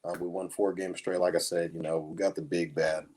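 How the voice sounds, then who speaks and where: A man's voice: low-pitched, level tone, brisk, a little mellow. A man co-hosting a casual sports podcast, talking in a sarcastic, mock-gloomy way and dropping "man" often. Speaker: podcast co-host.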